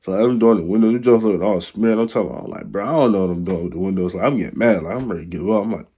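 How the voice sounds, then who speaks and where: Young dude rambling thru a storytime, low husky voice, lots of slang. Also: male voice, rapid-fire, warm tone. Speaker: vlogger. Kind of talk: casual storytime.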